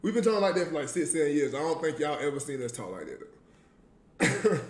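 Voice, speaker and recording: High, lively man streaming casually. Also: fast talker, reverberant. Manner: playful, laughs a lot. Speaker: livestreamer. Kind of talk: casual livestream chat.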